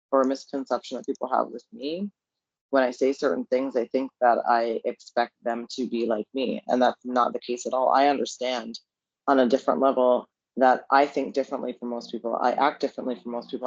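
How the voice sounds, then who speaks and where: A man's voice: mid-range voice, no room sound, dull audio. A man with a Canadian accent co-hosting a podcast, speaking earnestly and repeating his points for emphasis. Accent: Canadian English. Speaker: podcast co-host. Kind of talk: casual podcast chat.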